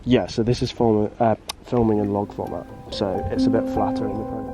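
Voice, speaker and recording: A man speaking off camera as the videographer, chatting casually with quick, enthusiastic remarks, picked up from a distance. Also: fairly low pitch, flat delivery, loud music behind the voice. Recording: distant, echoey, noisy off-camera pickup.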